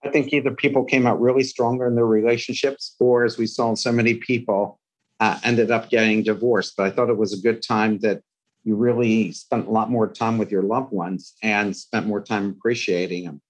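Lower-voiced male interview host. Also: steady tone, moderate pace, poor audio. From Philadelphia area. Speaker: podcast host. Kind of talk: interview conversation.

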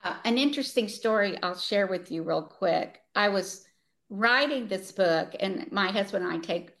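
A woman's voice: medium pitch, normal speed, fairly bright tone. An older woman, a retired author, reading her own novel aloud with earnest feeling and laughing easily as she chats.

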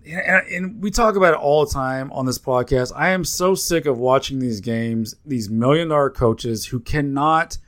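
A man's voice: medium pitch, moderate pace, hardly any pauses, a bit bright. A man co-hosting a sports podcast, talking in a heated, profane rant full of restarts. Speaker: podcast co-host. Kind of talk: casual sports betting podcast chat.

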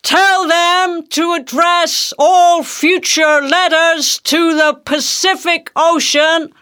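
A woman reading aloud voices an obsessed old sea captain who bellows slow, drawn-out hails across the water. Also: high-pitched, pushed and bright, pitched above the performer's own voice, full character voice.

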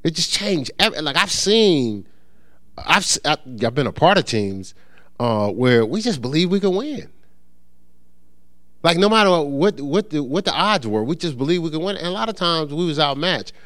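A man's voice: a little high, normal speed, no echo. Middle-aged guy preaching casual, voice jumps all over, dry close sound, lots of restarts. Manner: conversational, animated, with many restarts and sports anecdotes. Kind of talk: informal sermon with scripture reading.

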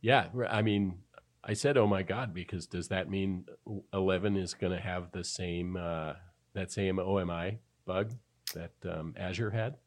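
A man co-hosts a podcast in loose, rambling conversation. His voice sits very low. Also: steady tone, a little slow. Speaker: podcast co-host. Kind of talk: casual podcast chat.

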